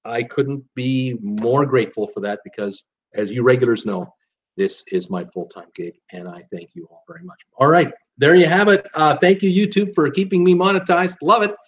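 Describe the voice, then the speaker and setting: A man's voice: medium pitch, normal speed, lo-fi sound. A man from Canada hosting a live stream in a rambling, chatty way, full of "uh"s and restarts. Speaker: host of a live cruise channel. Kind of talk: casual live-stream chat.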